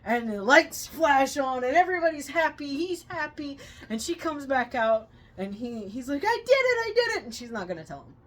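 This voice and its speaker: A woman co-hosting a movie review channel, retelling scenes with loud excited quotes. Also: high voice, moderate pace. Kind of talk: casual movie review chat.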